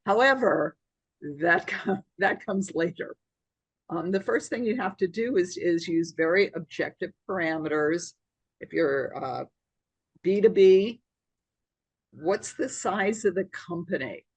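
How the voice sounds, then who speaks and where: A woman's voice: lowish voice, measured pace, slightly rough, no room sound. A woman, a guest on a podcast, methodically explaining how to find sales prospects with concrete examples. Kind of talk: conversational podcast interview.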